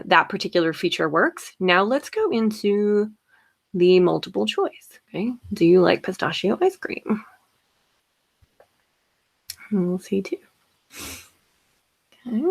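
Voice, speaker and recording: Chatty upbeat woman teacher demoing software. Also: lowish voice, takes it slowly, gravelly, pauses often. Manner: chatty, upbeat, frequent "okay" and "yay". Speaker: teacher presenting a webinar. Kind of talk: casual live software demo.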